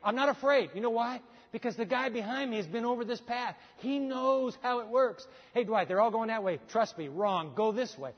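Brief: high-pitched male pastor, lively acted-out storytelling, muffled hall sound with long reverb. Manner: animated storytelling, acts out quoted voices. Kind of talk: sermon.

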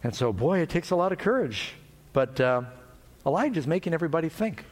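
A male preacher delivers a sermon in a big hall where his voice carries a long echo. His pitch sits a bit high and leaps up and down as he acts out the scene. He switches quickly between plain storytelling and dramatic chanting. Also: sing-song. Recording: long reverb of a large hall.

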